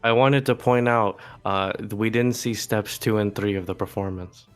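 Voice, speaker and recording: A man playing a tabletop game, hesitant and halting with many fillers. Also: on the low side, fairly even intonation, clean tone, faint music behind. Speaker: player. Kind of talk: casual tabletop play.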